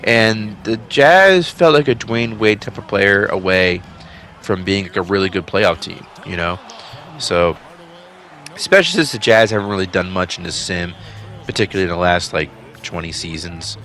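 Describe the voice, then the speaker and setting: A man with a deep, fairly bright, animated voice at normal speed hosts a channel commentating on a simulated basketball season. He's chatty and offhand with enthusiastic asides, though tired and yawning after a late night.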